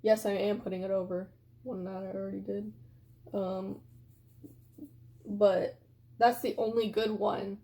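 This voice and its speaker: A woman's voice: mid-range voice, little pitch movement, measured pace, pauses often, warm tone, a little hiss or hum. A young woman vlogging casually at home, reviewing makeup products she regrets buying in a chatty, rambling way full of filler words. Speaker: beauty vlogger.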